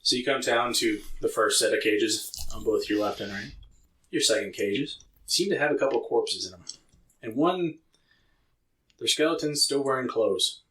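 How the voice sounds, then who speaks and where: Bright-voiced male game master. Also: mid-range voice, normal speed, rough recording. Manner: loose descriptive narration with many fillers. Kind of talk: narrating a tabletop game.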